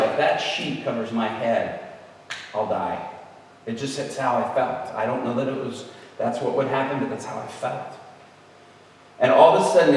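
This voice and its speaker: A man telling a personal story in a sermon, acting out the people he quotes with big jumps in his voice. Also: mid-range voice. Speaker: preacher. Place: large hall at an event. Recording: echoey hall from far off.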